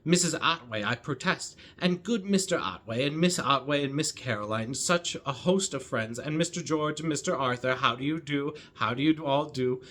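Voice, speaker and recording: A man's voice: medium pitch, moderate pace, hardly any pauses, a bit bright, close to an everyday voice. A man reading aloud as a talkative middle-aged spinster who rambles breathlessly from one topic to the next. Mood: fluttery chatter. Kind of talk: reading a novel's dialogue aloud.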